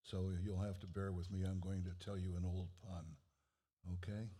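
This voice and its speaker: A man's voice: sits low, little pitch movement, moderate pace, warm tone, slightly rough. A man filling in as preacher, giving a sermon in a plain-spoken, earnest way. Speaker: fill-in preacher.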